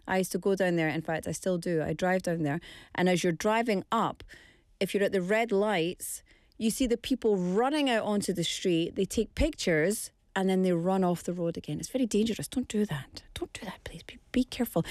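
A woman's voice: medium pitch, darkish tone, no room sound. Female show host, chatty and conversational, dry close sound, mid-range voice. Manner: chatty, with friendly asides to listeners. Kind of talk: casual broadcast chat.

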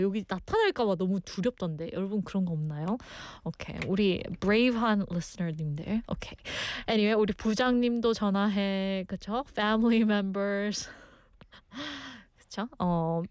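A woman's voice: medium pitch, dry recording, studio quality. A young woman hosting a radio show, chatting playfully between two languages as she reads listener messages and laughs often. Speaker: radio DJ host.

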